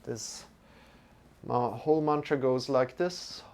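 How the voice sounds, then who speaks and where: Male yoga teacher, live-stream lesson, smooth voice, slow relaxed delivery. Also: mid-range voice. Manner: relaxed, chatty, greets viewers by name; slow, drawn-out mantra chanting.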